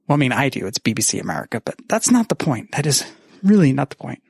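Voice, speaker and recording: Gravelly man telling deadpan puns. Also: medium pitch, fast, dry recording, clean studio sound. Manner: deadpan bad puns, swearing, self-mocking. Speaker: podcaster sending a message. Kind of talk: recorded message, joking monologue.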